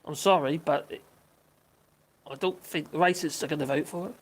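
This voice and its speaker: A woman's voice: low voice, normal speed. Giggly older woman chatting live. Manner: chatty, giggly, rambling, self-correcting. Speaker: livestream host. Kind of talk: casual live chat reading viewer comments.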